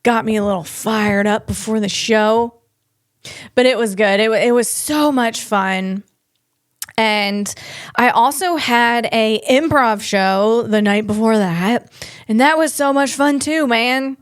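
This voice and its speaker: A woman comedian riffs through a casual podcast monologue in a fairly high voice. She talks slowly and stretches her words, animating her stories with acted-out quotes. The recording is dry and close. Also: no echo.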